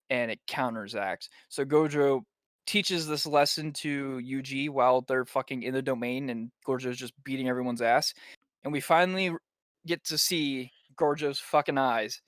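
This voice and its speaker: A young man recaps a show for his podcast co-hosts, swearing freely and tossing in quick character voices as he goes. His voice sits at an ordinary middle pitch, recorded dry and close with no room sound. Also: no room sound. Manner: excitable, profane retelling, voices the characters' lines in passing. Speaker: podcast co-host. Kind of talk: casual anime episode recap.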